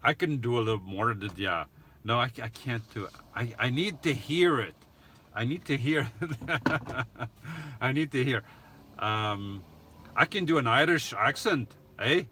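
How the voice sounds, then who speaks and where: A man answering viewers' questions in a casual live stream, talking haltingly with restarts and soft chuckles. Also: medium pitch, lively intonation, a little hiss or hum.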